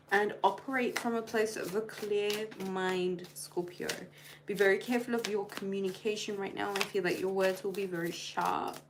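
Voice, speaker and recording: A woman's voice: mid-range voice, slight background noise, poor audio. A woman live-streaming a tarot reading, chatty and playful, addressing each star sign directly. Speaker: tarot reader.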